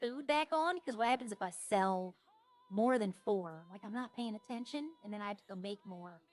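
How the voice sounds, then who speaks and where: A woman's voice: mid-range voice, expressive, moderate pace. A woman streaming a roleplay game, chatting casually and jokily to her viewers in a rambling way.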